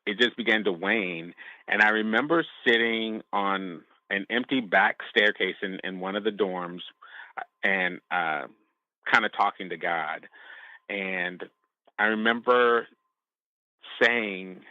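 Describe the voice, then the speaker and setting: Deep-voiced man, halting and reflective. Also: dry recording, phone-quality sound. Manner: halting and reflective, with frequent restarts. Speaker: podcast guest. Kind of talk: personal testimony in a podcast interview.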